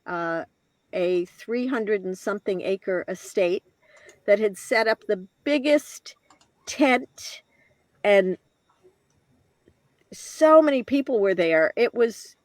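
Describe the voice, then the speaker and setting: A woman in her later years, a guest telling a personal story in an interview, reflective and halting, with restarts and soft laughs. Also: mid-range voice, lively intonation, no room sound.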